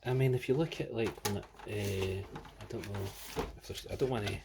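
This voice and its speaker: A man's voice: fairly low pitch, moderate pace, heavy background noise. A Scottish man giving a casual, rambling comic book review, full of swearing and rants. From Scotland. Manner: profane, ranting, sweary.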